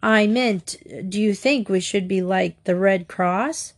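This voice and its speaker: A woman's voice: mid-range voice, takes it slowly. Woman reads a wisecracking teenage boy, teasing and wry, storybook.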